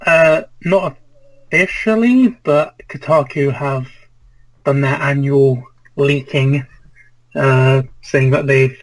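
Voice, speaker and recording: A man's voice: mid-range voice, slow pace, no room sound, poor audio. A man chatting casually as a regular on a gaming podcast, laid-back and joking.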